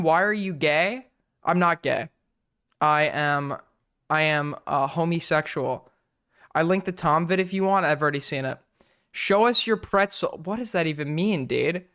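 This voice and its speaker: A young man hosts his live stream in a high, clean voice. He rambles and jokes crudely, often restarting his sentences. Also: fairly bright tone. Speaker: streamer host. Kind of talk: casual live-stream chat.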